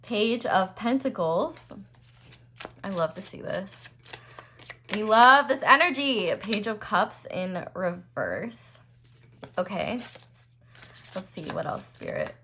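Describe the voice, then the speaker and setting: A young woman giving a casual tarot reading to her viewers, chatty and full of fillers, breaking into excited bursts as she turns cards. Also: medium pitch, slow, long pauses, a little hiss or hum. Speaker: tarot reader.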